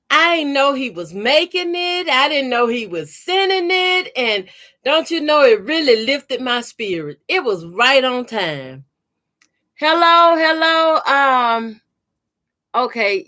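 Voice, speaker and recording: A woman hosts a home livestream for her quilting channel. She speaks slowly in a slightly raised voice. She chats casually, says "y'all" often and greets each viewer by name as she holds her work up to the camera. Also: sits high, sharp tone. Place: home room by a door.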